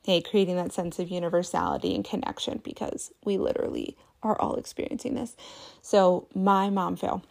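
Woman, 30s, podcast host, chatty and self-deprecating, gravelly fry on her words. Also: lowish voice, steady tone, normal speed, a little mellow. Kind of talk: casual storytelling podcast.

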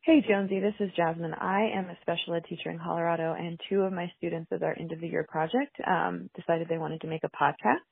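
A woman's voice: lowish voice, fairly even intonation, quick pace, gravelly, few pauses, slightly rough, dry recording. A woman in her thirties, a special ed teacher, leaving a chatty, upbeat voicemail full of ums. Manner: chatty, upbeat, filler-heavy. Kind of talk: casual voicemail. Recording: dry tinny phone line.

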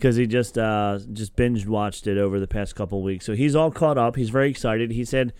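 A man's voice: fairly low pitch, a little fast, darkish tone. A young man co-hosting a casual podcast, explaining things in an easygoing way. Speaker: podcast co-host.

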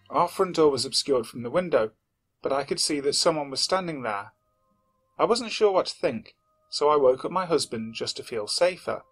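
A man reading a submitted first-person horror story aloud in a steady, measured narration that slows at the tense moments. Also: a little high. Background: faint background music.

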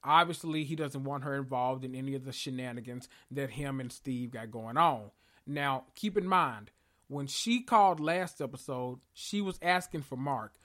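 A man's voice: medium pitch, moderate pace. A man casually recapping a TV episode, sassy and profane, telling it like gossip. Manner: sassy, profane, animated storytelling with slang.

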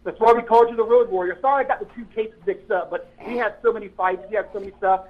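A man with a high-sitting voice talks very fast over a tinny, phone-like line. He's a former police officer swapping old patrol stories in casual chat, rambling and correcting himself as he goes.

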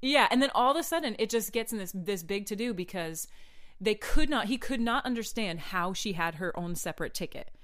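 A woman's voice: mid-range voice, fairly quick. A woman co-hosting a podcast, telling a travel story in casual chat, laughing often and acting out the people in it. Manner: animated, laughing, acts out other people's voices. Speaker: podcast co-host.

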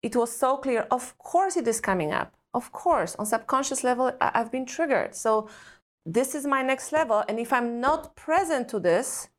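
Her fairly high, animated voice moves at normal speed as she reflects earnestly in a chain of rhetorical questions. She is a podcast guest with an Eastern European accent, speaking as an expert on parenting and trauma.

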